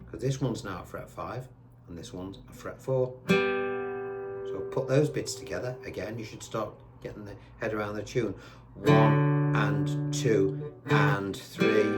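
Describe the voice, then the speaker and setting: A man teaching guitar with a chatty, patient manner, counting the beats out loud slowly while he plays. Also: on the low side. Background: guitar playing.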